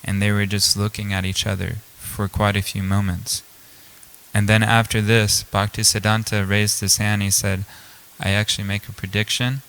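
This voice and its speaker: A man's voice: on the low side, monotone, moderate pace, fairly bright tone, clear, resonant tone, poor audio. A man giving a storytelling scripture class at a temple, speaking casually with many fillers and restarts. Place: temple hall.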